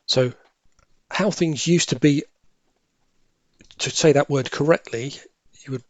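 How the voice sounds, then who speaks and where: A man thinking aloud as he works through cryptic crossword clues, musing and correcting himself, with quiet half-muttered asides. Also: on the high side, takes it slowly, no room sound. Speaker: crossword solving tutor.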